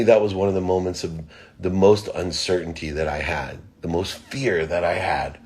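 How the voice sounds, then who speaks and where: A middle-aged man speaking as a motivational speaker in a deep, husky voice. He tells stories earnestly, pressing hard on some phrases and dropping almost to a hush on others. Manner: earnest storytelling, swinging between emphatic and hushed. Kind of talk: motivational livestream talk.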